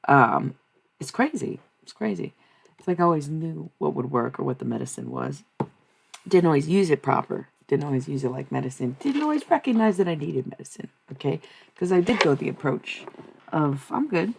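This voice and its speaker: A woman's voice: deep voice, animated, moderate pace, vocal fry. A young woman streaming live, chatting casually with her viewers in a blunt, profane, rambling way. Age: young adult. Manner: profane, blunt, swings between ranting and laughing. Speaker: streamer and tarot reader.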